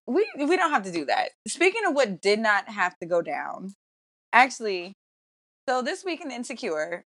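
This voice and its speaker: A woman co-hosting a casual podcast, brash and profane, talking in an animated, teasing way. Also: on the high side, normal speed. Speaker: podcast co-host.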